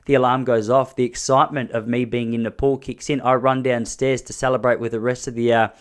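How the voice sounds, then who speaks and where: An Australian man in his thirties hosting a podcast, telling comic stories in a rambling way, with sudden jumps in pitch and loudness. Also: level tone, fairly quick, clear, resonant tone. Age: 30s. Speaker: podcast host. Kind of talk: comedic storytelling monologue.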